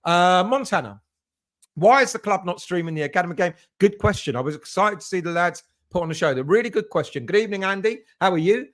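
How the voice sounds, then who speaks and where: A man's voice: sits high, animated, quick pace, fairly bright tone. A man from England hosting a casual live stream for football fans, rambling and greeting chat viewers by name. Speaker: fan channel host reading live chat.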